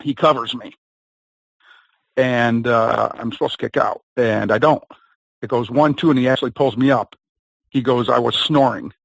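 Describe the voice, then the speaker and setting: A man's voice: medium pitch, moderate pace, vocal fry, pauses often, dry recording, low-quality recording. A man, a professional wrestler, telling a long anecdote in a casual, rambling way as an interview guest, with laughs and quoted voices. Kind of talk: casual storytelling.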